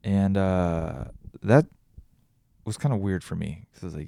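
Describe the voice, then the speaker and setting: A tired man hosts a podcast by himself, his deep voice a little slow, with vocal fry, long pauses and a dark tone. He rambles and thinks out loud, restarting often, in a casual solo reflection recorded with studio quality and no echo.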